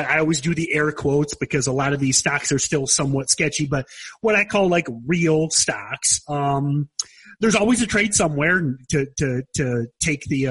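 Husky middle-aged podcast host. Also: male voice, on the high side, fairly bright tone. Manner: rambling, repeats words while thinking. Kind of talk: casual chat.

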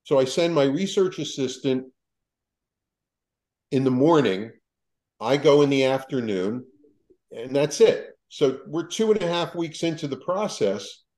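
A man, a psychologist, telling a story as a podcast guest in a lively way, quoting people and restarting his sentences. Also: medium pitch, a little slow, long pauses, rough recording.

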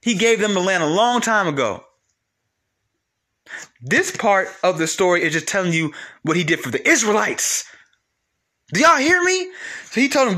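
A man preaching about the Bible in a casual, animated way, talking straight to his listeners and repeating lines for emphasis. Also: high voice, normal speed, pauses often.

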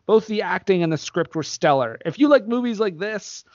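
A man with a slightly high voice trades dry, sarcastic film opinions with his co-hosts. The audio is dead dry with no room sound, and a little dull and lo-fi. He keeps it casual, deadpan and chatty. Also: brisk, no room sound. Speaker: podcast co-host reviewing films. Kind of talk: casual chat reading listener reviews.

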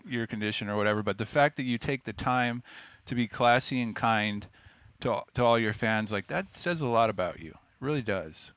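A man's voice: mid-range voice, normal speed, a bit bright, clean tone, no echo. A man co-hosting a podcast in casual chat, earnest and jokey by turns. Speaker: podcast co-host.

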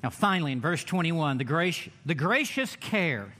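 A man preaching a sermon in a church, emphatic, with dramatic pauses and drawn-out words. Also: fairly high pitch, sing-song, bright, forceful tone. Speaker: pastor.

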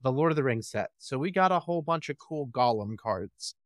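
A man's voice: mid-range voice, animated, brisk, no room sound. A man co-hosting a podcast in casual chat, a joking, rambling storyteller on a close mic. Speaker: podcast co-host.

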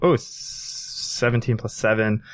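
A man's voice: lowish voice, a little slow. A man playing in a tabletop game, talking casually and laughing often. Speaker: player.

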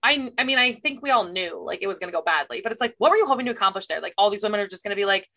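A woman's voice: mid-range voice, expressive, pushed and bright. A young woman co-hosting a book podcast, chatting casually and wondering aloud about a confusing plot point. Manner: quick, puzzled questioning. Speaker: podcast co-host.

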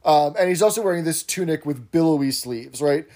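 A man's voice: on the high side, animated, brisk, mellow. A man co-hosting a podcast, chatting in detail as he recaps a sitcom episode. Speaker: podcast co-host.

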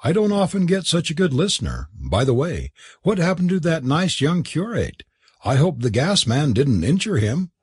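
A man's voice: fairly high pitch, wildly swooping pitch, normal speed, a little mellow, husky, no echo, studio quality, voice pushed up, full character voice. A man doing a fussy older scholarly father. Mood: genial.

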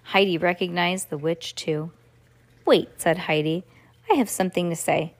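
A woman's voice: fairly low pitch, fairly even intonation, moderate pace. A woman reading a children's storybook aloud as a podcast host, breaking off for playful, chatty asides to a child listening. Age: adult.

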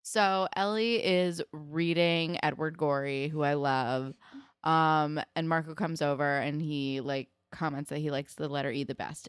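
Low-voiced chatty woman, dry sound. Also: steady tone, unhurried, smooth, no room sound. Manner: chatty, swears casually, acts out quotes. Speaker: podcast co-host. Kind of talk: casual TV recap chat.

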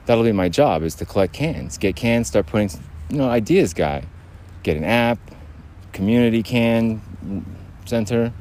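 A man's voice: mid-range voice, expressive, normal speed, darkish tone, slight background noise. A man hosting a solo podcast, talking in a rambling way, restarting his sentences and laughing at himself. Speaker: podcast host.

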